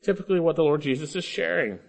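A man preaching an expository sermon, emphatic, coaxing listeners along with rhetorical questions and swinging between loud stresses and low asides. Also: quick pace, vocal fry. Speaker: preacher teaching Bible grammar.

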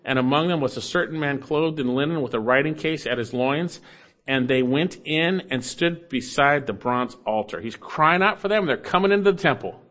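A man preaching an expository sermon, reading scripture aloud and urging listeners earnestly, rising loud then dropping low. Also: moderate pace. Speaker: pastor.

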